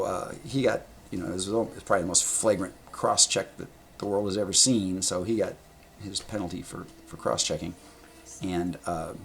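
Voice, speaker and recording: A man telling stories to his camera at a table indoors, animated and rambling, with blunt sound words and casual swearing. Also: low voice, gravelly, slight background noise. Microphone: camera in front of him.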